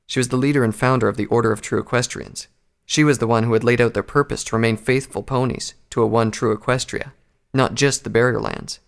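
Gravelly-voiced male story narrator. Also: mid-range voice.

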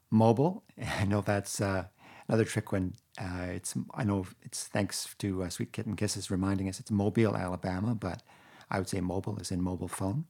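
A man talking casually in a vlog, answering questions and slowly reading out a word list with a wry, relaxed manner. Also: on the low side. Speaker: vlogger. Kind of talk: casual accent-tag monologue.

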